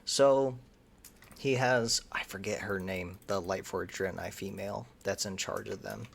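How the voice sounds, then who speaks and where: A man's voice: low voice, steady tone, a little slow, vocal fry. A man co-hosting a video game channel, joking playfully in casual chat and trailing off when he forgets names.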